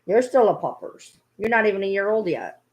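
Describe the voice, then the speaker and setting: A woman's voice: mid-range voice, very animated, moderate pace, husky. A woman vlogging casually at home, playfully scolding her dogs in a baby-talk tone. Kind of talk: casual vlog chat.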